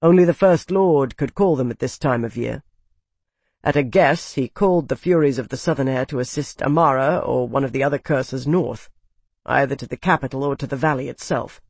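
A shrewd, composed counselor, as the audiobook narrator reads him, close to the storyteller's own voice. He speaks calmly and precisely, every word quietly cutting. The recording is dry and close. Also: mid-range voice, fairly quick, breathy edge, no room sound. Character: shrewd, composed male advisor.

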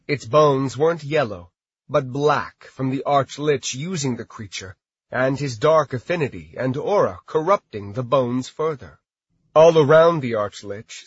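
A man narrating a fantasy story as an audiobook, in a steady, measured way. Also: mid-range voice, slightly rough, no echo. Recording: dry, slightly dull recording.

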